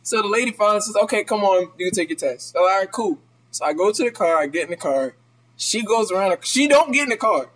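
A young man with a very high, bright voice tells a story in casual chat with friends. He swears freely and jumps into animated voices for the people in the tale. His delivery is loose and conversational. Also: fast talker. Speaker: podcast co-host.

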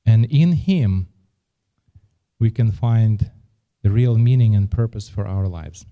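A man's voice: on the low side, animated, takes it slowly, phone-quality sound. A man preaching a sermon and telling a personal story, speaking earnestly and often repeating words as he restarts his phrases.

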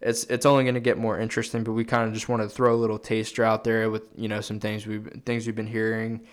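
A man's voice: lowish voice, completely flat delivery, fast talker. A young man co-hosting a sports podcast, chatting casually in a rambling, profane way. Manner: profane, rambling, thinks aloud. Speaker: podcast co-host.

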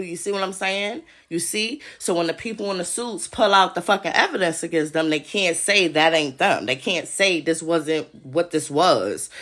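A woman's voice: lowish voice, fairly bright tone. A woman hosting a podcast, talking in an agitated, profane monologue straight to her listeners. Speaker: podcast host. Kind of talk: casual monologue.

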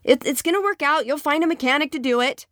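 A woman mimicking a dismissive spouse, high and chirpy. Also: quick pace, a bit bright, no echo, studio quality. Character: dismissive spouse brushing off worries.

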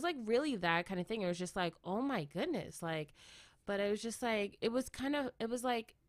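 Low-voiced woman telling a rambling story. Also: dry recording. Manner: rambling, many "like" and "right?" tag questions; reflective, laughs often. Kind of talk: casual personal storytelling.

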